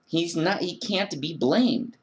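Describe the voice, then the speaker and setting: A man with a slightly high voice speaks slowly in a religious rant monologue for his video blog. Earnest and emphatic, he works through faith and frustration while acting out his prayers.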